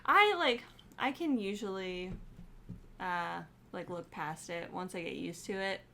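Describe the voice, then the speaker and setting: A woman's voice: fairly low pitch, animated, creaky, bright, forceful tone, a little hiss or hum. A woman co-hosting a casual movie review chat, agreeable and chatty. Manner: agreeable, chatty, quick to laugh along. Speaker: podcast co-host.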